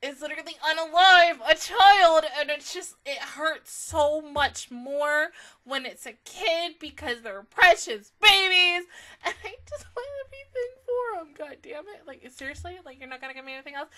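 Bright, gushing young woman reviewing anime. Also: high voice, moderate pace. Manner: emotional and gushing, with frequent fillers and swearing. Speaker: anime reaction YouTuber. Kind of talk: casual reaction review.

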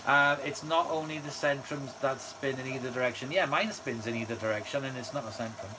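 A man's voice: medium pitch, fairly quick, noisy background. Chatty man over a running washing machine. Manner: chatty, enthusiastic, frequent fillers. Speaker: channel host. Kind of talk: live-stream chat reading viewer comments. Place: indoors at home near a running washer.

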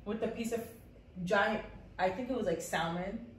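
A woman's voice: medium pitch, moderate pace. A woman chatting casually with a friend, enthusiastic and listing the things she liked. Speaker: travel companion. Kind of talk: casual chat. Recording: echoey room with faint noise.

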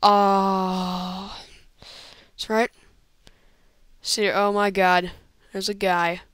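Excitable woman gamer, slow-talking and dry. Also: medium pitch, smooth, dry recording. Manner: excitable, rambling, frequent exclamations and laughs. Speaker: gamer commentating own play. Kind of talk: casual gameplay commentary. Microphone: old computer microphone.

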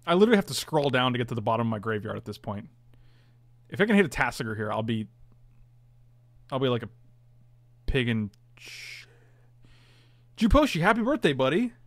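A man's voice: mid-range voice, sing-song, brisk, pauses often, no room sound. A man casually commentating his own online card game, chatty and self-mocking, groaning at his bad draws.

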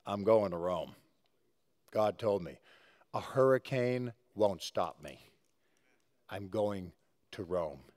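A man preaching who voices the apostle Paul as a calm, defiant figure in a low, quiet, steady tone. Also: slow pace, pauses often, no room sound. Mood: resolute. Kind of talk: sermon read-aloud role voice.

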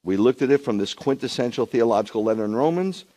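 A man's voice: animated, quick pace, a little hiss or hum. A man, a rabbi, preaching a sermon to a streamed congregation, conversational with viewers at home and rising into emphatic bursts. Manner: emphatic preaching, surges high and loud in bursts.

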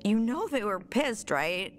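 An actress voicing a sarcastic, bossy teenage sister in a video game. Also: female voice, mid-range voice, sing-song, a little slow, slight background noise. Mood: snarky. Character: snarky teenage sister throwing a party.

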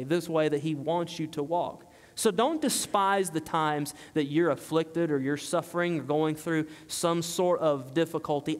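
Man, pastor, high voice, church sermon, long hall reverb. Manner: explains plainly, repeats phrases for emphasis. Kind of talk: expository sermon.

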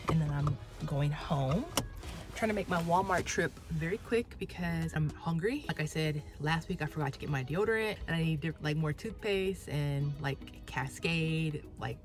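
A young woman and dental hygiene student vlogging casually from her car into a phone mic, rambling and swearing freely. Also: lowish voice. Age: young adult. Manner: chatty and rambling, ranting and swearing when angry. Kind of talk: casual vlog, talking while driving. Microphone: phone with plug-in mic.

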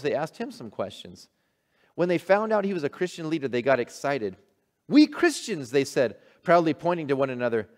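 Folksy male pastor in reverberant hall. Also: mid-range voice. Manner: conversational, folksy preaching. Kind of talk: sermon with read-aloud story and prayer. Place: church hall.

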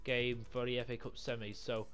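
A young man commentating his football video game career mode, swearing a lot, yelling when things go wrong and talking things through quietly in between. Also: mid-range voice, moderate pace, faint music behind. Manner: swears a lot, yells in frustration, mutters calmly between games. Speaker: gaming YouTuber. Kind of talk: live gameplay commentary.

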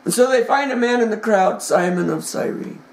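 A man preaching a dramatic sermon, retelling the story with passion and swinging from hushed tones to shouting. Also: high voice, animated, normal speed, vocal fry. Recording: echoey room.

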